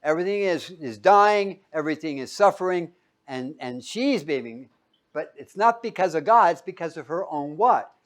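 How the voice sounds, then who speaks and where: A male pastor delivers a sermon, posing questions to his listeners and then answering them himself. His delivery jumps to sudden loud peaks and drops into quiet, low asides, with lively intonation at a moderate pace.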